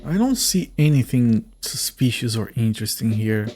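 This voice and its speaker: A man with an ordinary mid-range voice chats loosely while playing a game on stream. He thinks aloud, wanders off topic, and swears now and then. Soft music plays faintly behind him. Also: mid-range voice, animated, moderate pace. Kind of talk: casual let's-play commentary.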